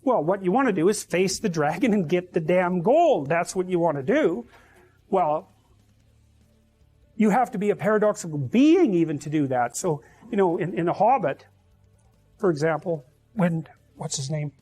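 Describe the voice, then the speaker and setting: A man's voice: sits high, animated, normal speed, darkish tone, slightly rough. A man giving a reflective, lecture-style explanation, searching for words as he builds his point. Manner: thoughtful, searching, repeats words while building ideas. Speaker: psychology lecturer. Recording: with faint music underneath.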